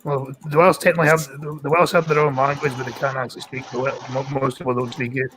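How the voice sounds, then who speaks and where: A Scottish man with a blunt, quick-witted manner in casual voice chat. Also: mid-range voice, little pitch movement, a bit bright, slight background noise. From Scotland.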